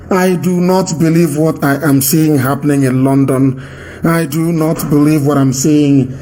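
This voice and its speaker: A man with a Nigerian accent giving an impassioned live radio address, emphatic and repetitive, with commanding declarations that rise to shouts. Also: on the high side.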